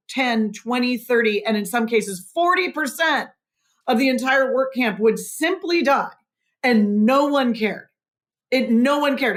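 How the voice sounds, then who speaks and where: A woman's voice: on the high side, fairly bright tone. A woman author, a guest on a podcast interview, explaining history in an earnest, emphatic way.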